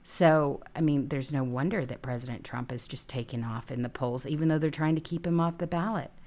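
A woman's voice: low voice, brisk, a little mellow. A woman hosting a political talk show, indignantly reading headlines and commenting. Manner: indignant, reads headlines aloud. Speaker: host.

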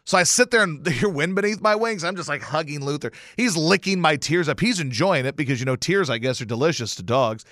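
A male radio host telling a casual story with lots of swearing and sudden loud exclamations. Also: on the high side, fairly quick, few pauses, no echo, studio quality. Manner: animated, profane, bursts into loud exclamations. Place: radio station studio.

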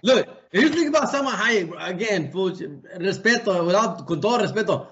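A man's voice: high voice, animated, fairly bright tone. A man chatting on a podcast, slangy and dropping Spanish words as he tells long stories. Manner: slangy, code-switches into Spanish, drawn-out storytelling. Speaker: podcast co-host. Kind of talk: casual chat. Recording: dull lo-fi recording.

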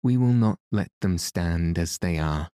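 A man's voice: low-pitched, measured pace, warm tone, clear, resonant tone, no echo, clean studio sound. A man reading the lines of a stern, threatening middle-aged banker in an audiobook. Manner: stern, demanding.

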